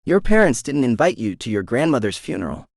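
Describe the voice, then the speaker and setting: A man's voice: mid-range voice, big pitch swings, brisk, vocal fry, dry recording, studio quality. A man doing a cocky, teasing young man. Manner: confident, teasing. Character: cocky young man, smug but tender.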